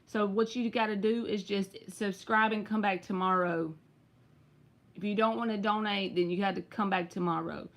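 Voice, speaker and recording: Reading tarot cards on a live stream, a Southern-accented woman chats directly with her audience and calls viewers by name. Her mid-range voice keeps a fairly even intonation at a normal speed.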